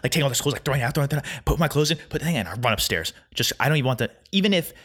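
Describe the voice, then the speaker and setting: A young man hosting a solo podcast, rambling through a casual rant at a quick, anxious clip. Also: medium pitch, fairly bright tone. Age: young adult. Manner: fast, rambling, anxious storytelling. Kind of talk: casual ranting monologue. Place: Chicago.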